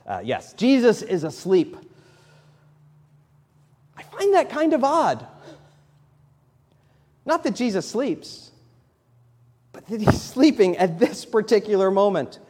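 A pastor in his thirties delivers a conversational sermon in a high, sing-song, slightly mellow voice, speaking slowly with long pauses. He works up to emphatic, rising lines as the long reverb of the church sanctuary echoes around him.

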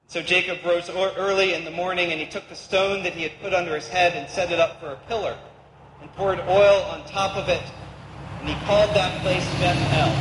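A man's voice: sits high, normal speed, fairly bright tone, a little hiss or hum. A man preaching a sermon, reading scripture and explaining it in a conversational way with playful asides. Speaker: pastor. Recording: echoey hall with long reverb.

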